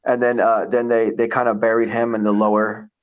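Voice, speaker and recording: A man co-hosting a casual video call chat, talking fast and excitably and swearing. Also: on the low side, smooth. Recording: dull lo-fi call audio.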